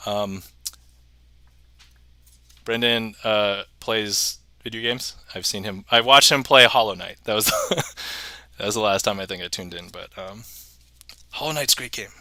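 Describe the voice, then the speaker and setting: A man's voice: fairly low pitch, measured pace, pauses often, bright, forceful tone, no room sound. A man hosting a casual livestream magic show, chatting, reading viewer messages aloud and chuckling often.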